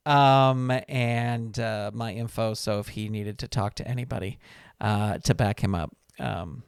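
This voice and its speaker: A podcast host with a smooth, mid-range voice tells a rambling, chatty story in a casual monologue, frequently breaking off and starting over. He records in a small studio, and the sound is clean with no room tone.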